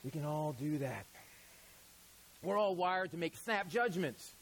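A man's voice: a little high, lively intonation, a little slow, low-quality recording. A male pastor giving a sermon in a casual, conversational way, with frequent asides to the congregation.

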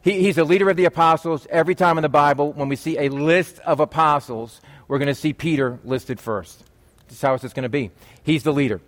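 A man's voice: on the high side, fairly quick. A man preaching a conversational sermon as a pastor, with chatty, joking asides to the congregation.

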